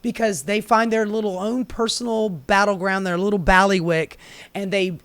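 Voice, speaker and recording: A man's voice: sits high, fairly even intonation, normal speed, fairly bright tone, clear, resonant tone, dry recording. A man giving heated, sarcastic commentary on a news story, swearing freely and mocking the people involved. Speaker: commentary host.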